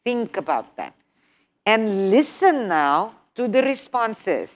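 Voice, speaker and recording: A woman instructor giving a workshop lecture on English test preparation, animated, repeating key points with rhetorical questions. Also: mid-range voice, takes it slowly. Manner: acts out example phrases with exaggerated intonation.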